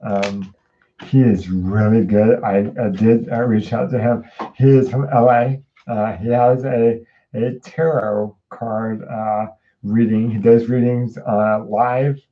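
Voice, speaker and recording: Male host, casual tarot stream; slow, filler-heavy rambling delivery, dull lo-fi sound. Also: lowish voice, fairly even intonation. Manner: rambling, many fillers and restarts, chatty with viewers. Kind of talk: casual livestream tarot reading.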